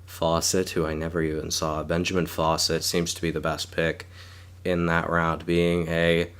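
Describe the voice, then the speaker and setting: A young man with a deep, low voice and a sore throat talks casually through his game. He hesitates often, thinks aloud and trips over unfamiliar names. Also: completely flat delivery, moderate pace, fairly bright tone, clean tone. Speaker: gaming YouTuber.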